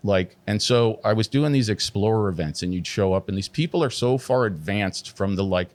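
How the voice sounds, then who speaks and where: A middle-aged man, a tattoo artist guest, telling his story candidly and animatedly, full of swearing and "like" fillers. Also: normal speed. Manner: heavy swearing, constant "like" fillers; animated, pitch jumps when emphatic.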